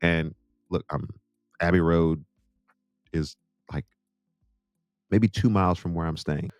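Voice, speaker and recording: A deep-voiced American man tells a long, chatty story, wandering off into asides to his viewers. The recording is dry and close, with no room sound. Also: takes it slowly, a little mellow, clean tone, no room sound, soft background music. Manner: rambling, chatty, self-interrupting with asides to viewers. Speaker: Christian music artist and host. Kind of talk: casual storytelling monologue.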